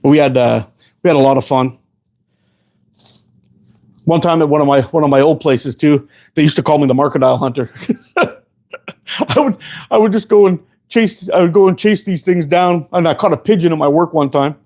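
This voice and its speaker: Man, slightly high voice, casual rambling storyteller, swears a lot. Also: normal speed, long pauses, darkish tone. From Canada. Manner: rambling, profane, laughs often. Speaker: host.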